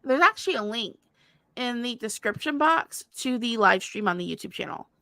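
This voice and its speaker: A woman's voice: a little high, animated, normal speed, bright, forceful tone, no echo, studio quality. A woman co-hosting a casual livestream chat, rambling and chatty, often apologizing and laughing. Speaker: livestream co-host.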